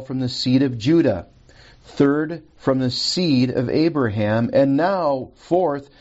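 A man's voice: mid-range voice, darkish tone, muffled recording. A man teaching a recorded Bible lesson from a handout, reading scripture aloud and checking his notes as he goes.

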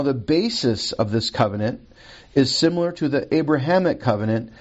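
A man's voice: mid-range voice, darkish tone, dull audio. A man teaching a recorded Bible lesson from a handout, reading scripture aloud and checking his notes as he goes.

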